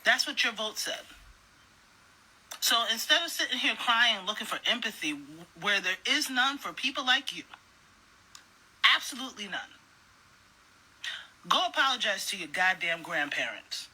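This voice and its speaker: A woman with a very bright voice tears into the viewer in casual reaction commentary. She is blunt and mocking and keeps mimicking others in a squeaky higher voice. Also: animated, normal speed, long pauses, breathy edge, low-quality recording. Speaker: commentator reacting to a viral video.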